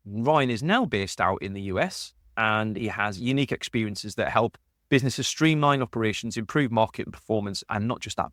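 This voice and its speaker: A man's voice: fairly low pitch, a bit bright, dry recording, clean studio sound. A man hosting a podcast, chatting casually and rambling with restarts. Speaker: podcast host.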